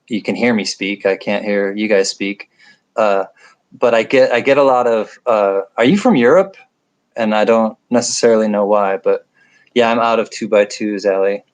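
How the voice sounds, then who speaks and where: Over poor audio, a middle-aged man speaks at medium pitch with a nasal upstate New York accent. He's hosting a relaxed livestream from home at night, reading chat comments while rambling, joking, and running himself down.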